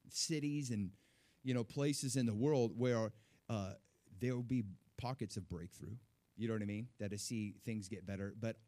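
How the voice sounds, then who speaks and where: A middle-aged pastor with a mid-range voice preaches a sermon to his church, animated, with rising emphasis and repeated words.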